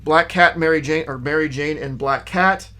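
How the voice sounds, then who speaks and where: A man's voice: a little high, moderate pace, pushed and bright. A man casually reviewing a stack of new comic books, rambling and enthusiastic, with lots of fillers and restarts. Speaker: comic shop video host.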